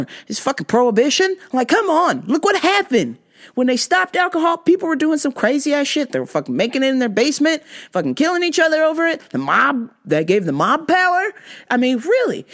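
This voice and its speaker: Blunt, profane woman host with a lively, swinging pitch, in a casual storytelling rant. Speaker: podcast host.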